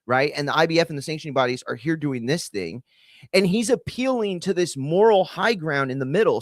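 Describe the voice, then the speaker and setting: A combat sports podcast host with a fairly high, lively voice launches into a heated, profane, rambling opinion rant full of fillers. He speaks a little fast, and there's no room sound.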